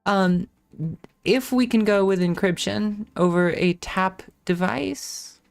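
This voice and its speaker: A woman's voice: medium pitch, slow, vocal fry, clean tone, faint music behind. A woman hosting a casual live-stream tech talk, thinking aloud with restarts, self-corrections and casual swearing.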